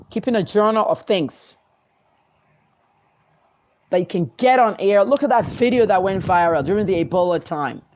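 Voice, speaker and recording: A woman with a US East Coast accent delivers pointed, declamatory commentary to her viewers, her voice pitched low. She talks with sweeping, forceful conviction. The sound is dull and lo-fi. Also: a little hiss or hum. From Nigeria. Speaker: journalist and commentator. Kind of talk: opinionated talk to viewers.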